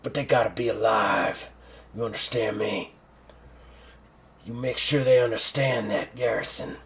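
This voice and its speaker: A man's voice: lowish voice, fairly even intonation, unhurried, fairly bright tone. A man doing a ruthless old general. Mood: commanding. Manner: growling, blunt, commanding. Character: old gruff male general, ruthless and commanding.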